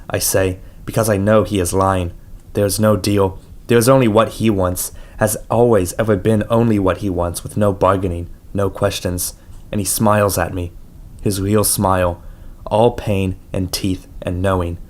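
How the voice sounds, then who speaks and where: Guy narrating an audiobook, lowish voice, steady and quiet. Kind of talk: audiobook reading.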